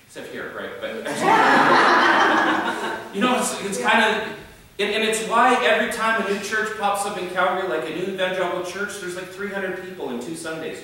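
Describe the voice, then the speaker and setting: A high-voiced pastor delivers a joking, sarcastic sermon. His bright, sharp voice rings around a large hall, picked up from far off by the mic, with plenty of echo. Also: a little hiss or hum. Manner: sarcastic, animated, mocks church habits. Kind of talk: humorous sermon.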